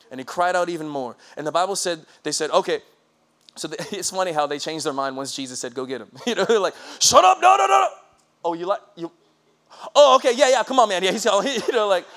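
Lively preacher man, high-pitched, talks to the crowd, jokes and acts out quotes. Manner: lively, conversational preaching with laughs and acted-out quotes. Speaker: pastor. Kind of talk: sermon.

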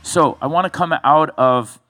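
A male pastor preaching a sermon, telling a story in a loose, conversational way with animated build-ups. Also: on the high side, moderate pace, soft background music.

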